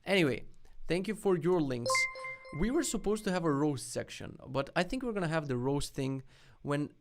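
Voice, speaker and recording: Excitable swearing streamer man, gravelly. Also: fairly high pitch, normal speed, faint music behind. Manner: excitable, swears often, loud outbursts. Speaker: streamer host. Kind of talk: live-stream commentary on web dev links.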